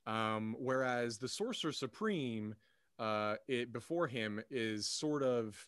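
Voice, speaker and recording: A man's voice: mid-range voice, animated, takes it slowly, fairly bright tone, clean tone, dry recording. Rambling man with a dry, close sound. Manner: rambling, many fillers and restarts. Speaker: podcast co-host. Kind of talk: casual film discussion.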